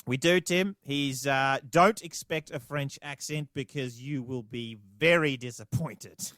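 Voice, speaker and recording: A man's voice: mid-range voice, unhurried, a bit bright, no room sound, clean studio sound. A man with an Australian accent co-hosting a podcast, bantering in a playful, mock-serious way. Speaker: podcast co-host. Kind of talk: casual comedic podcast chat.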